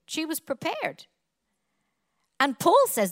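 Emphatic high-voiced woman preacher. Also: lively intonation, a little slow, a bit bright. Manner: emphatic, repetitive, building lists. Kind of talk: sermon.

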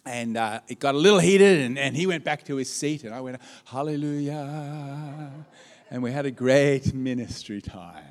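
A man preaching a sermon as pastor, telling stories with lively swings and calling out to his congregation. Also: medium pitch, brisk, hardly any pauses. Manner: animated storytelling with audience call-outs. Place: church auditorium. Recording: long hall reverb.

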